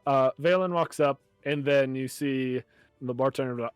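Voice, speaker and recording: A man narrating a tabletop game as game master, relaxed and hesitant, with fillers. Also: medium pitch, normal speed, clean tone, no room sound, faint music behind.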